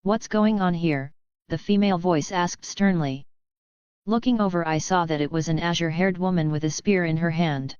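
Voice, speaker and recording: A woman narrates a novel in a steady, even read, her voice on the low side and smooth. The mic is close and the sound dry, with a slightly dull, lo-fi tone. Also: brisk, no room sound. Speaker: audiobook narrator. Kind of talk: scripted first-person narration.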